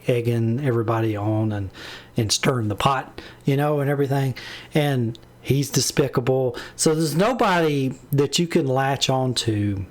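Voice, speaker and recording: Rambling exasperated man reviewing a book. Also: mid-range voice. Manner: rambling, many restarts and fillers, exasperated. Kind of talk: casual spoken book review.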